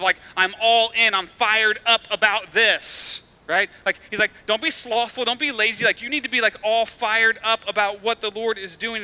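Male pastor, easygoing sermon delivery, punchy repeated phrases, forceful edge. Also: sits high. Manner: casual, conversational preaching with many fillers and tag questions; emphatic, repetitive build-ups. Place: church.

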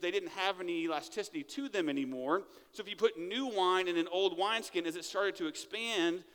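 A man's voice: high voice, big-room sound. A man preaching a sermon in a church, talking in a conversational way and often checking in with "right?". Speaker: pastor. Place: church sanctuary.

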